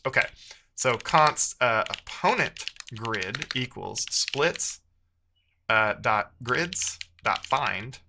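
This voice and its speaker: A man's voice: medium pitch, bright, forceful tone, slight background noise. A man streaming live as a programmer, thinking aloud while he codes and chatting with viewers, muttering to himself with playful asides.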